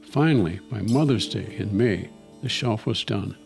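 A man in his nineties from Wisconsin, reading a personal memoir aloud in a steady, reflective way. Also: on the low side, normal speed, gravelly. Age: 90s. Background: soft guitar music.

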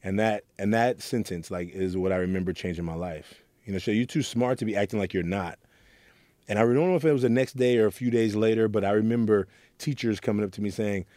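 A man's voice: lowish voice, expressive, fairly quick, dark tone, no echo, clean studio sound. A middle-aged man from Oakland, a youth mentor, earnestly telling his story in an interview and acting out quoted lines. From Oakland, California. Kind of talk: reflective interview talk.

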